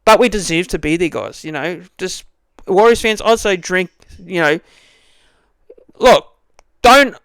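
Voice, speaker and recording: High, clear-voiced New man rambling. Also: lively intonation, unhurried, pauses often, a bit bright, no room sound. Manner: rambling, many restarts and "you know" fillers. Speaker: fan channel host. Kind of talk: casual fan review monologue.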